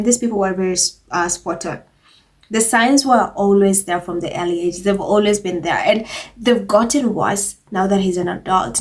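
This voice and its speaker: A woman's voice: mid-range voice, darkish tone. A woman talks straight to her viewers in a loose, chatty commentary. She sounds indignant, and her talk is full of fillers as she tosses remarks at the audience. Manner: chatty and indignant, lots of "like" and "you guys". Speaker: commentary channel host. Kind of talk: casual commentary, reading comments aloud.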